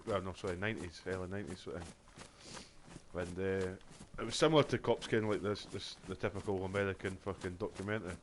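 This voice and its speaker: A man's voice: low voice, steady tone, brisk, slight background noise. A Scottish man streaming a game, chatting casually in a rambling, sweary way full of fillers. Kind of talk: casual chat while gaming.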